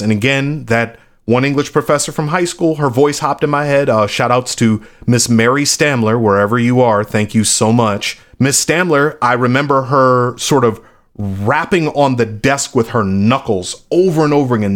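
A man's voice: mid-range voice, moderate pace. A man, a battle rapper from the Chicago area, telling stories in a loose, casual interview and acting out quoted voices.

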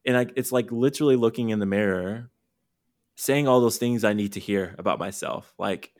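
A man's voice: on the low side, normal speed. A man hosting a podcast interview, talking candidly in a rambling, self-interrupting way. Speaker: podcast host and career coach. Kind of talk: casual conversational interview.

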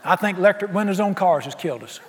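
A male pastor preaching with folksy, exuberant energy and peppering the crowd with questions. His voice sits a little high for a man. It rings out with a long reverb through a church hall. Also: animated, fast. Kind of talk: sermon. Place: church sanctuary.

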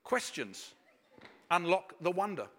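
Bright-voiced preacher in a hall. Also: male voice, high-pitched, sing-song. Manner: reflective, slows down for emphasis. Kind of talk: sermon with personal storytelling. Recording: long reverb of a large hall.

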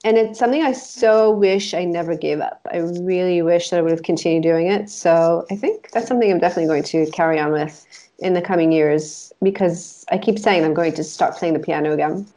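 A woman's voice: fairly low pitch, fairly quick, mellow. A woman from Israel, a life coach, chatting as a guest and rambling through memories with lots of fillers and laughter. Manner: rambling, giggly, many "like" fillers. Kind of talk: casual storytelling chat.

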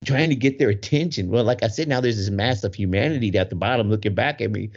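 Here the podcast co-host is again a middle-aged man, speaking quickly with a fairly low pitch. He laughs as he spins a casual story with real animation, and the audio is muffled and lo-fi.

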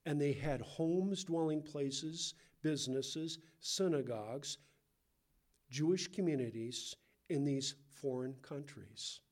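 A man with a Californian accent, teaching a Bible passage in a relaxed, conversational sermon with asides and questions to the listeners. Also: fairly high pitch, slow. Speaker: pastor.

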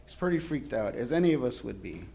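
A male guest pastor giving a sermon in a casual, storytelling way, laughing often and moving between loud cries and quiet asides. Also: mid-range voice, very animated, fast, gravelly.

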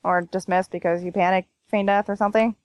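A woman's voice: mid-range voice, steady tone, brisk, no room sound, highs cut off. A woman chatting on a gaming podcast in a chatty, playful way. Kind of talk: casual gaming chat.

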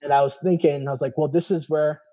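A fast-talking man with a higher voice, a guest sharing a personal story in casual conversation. He's animated, acting out quoted dialogue, full of fillers and repeating "I was like."

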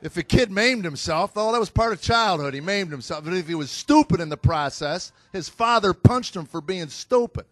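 A middle-aged American man tells family stories from a comedy stage, deadpan and exasperated. His voice sits high for a man. The sound is dry and close, with no room echo. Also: normal speed, hardly any pauses. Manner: deadpan storytelling with exasperated asides. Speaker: stand-up comedian. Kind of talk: stand-up comedy routine. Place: stage before a live audience.

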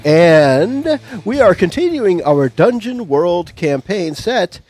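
A man's voice: high voice, big pitch swings, slow, darkish tone, faint music behind. A man hosting a casual tabletop game session from a garage, joking with his players. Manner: joking, playful. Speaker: game master and host.

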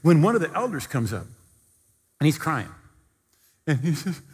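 A male preacher tells a story in a sermon with a lively voice that swings widely in pitch, at times rising to near-shouting. His voice is somewhat high for a man and has a husky edge. It rings out with a long reverb, as if recorded in a big hall. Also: moderate pace.

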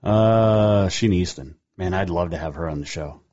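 A man's voice: low-pitched, moderate pace, mellow, soft background music. A man hosting his own radio show, talking casually in a rambling, folksy way and reading sponsor plugs. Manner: rambling, folksy, self-correcting. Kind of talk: casual radio talk with ad reads. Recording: dull lo-fi sound.

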